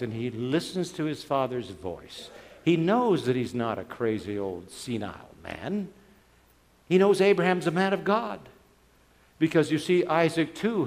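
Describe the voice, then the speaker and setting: A man preaching a sermon as a dramatic story, swinging between loud and soft. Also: medium pitch. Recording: long hall reverb.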